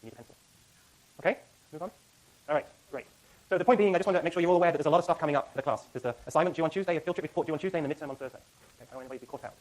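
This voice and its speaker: A middle-aged man, a university lecturer, giving class announcements in a lecture hall, talking rapidly with many fillers and self-corrections. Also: a little high.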